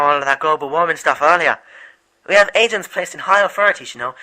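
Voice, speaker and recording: A man playing an earnest, rambling rebel leader in a homemade animated movie, with a higher-than-usual voice that sounds very bright and sharp. He tumbles through long explanations and trips over his words. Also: poor audio. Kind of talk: amateur animated movie voice acting.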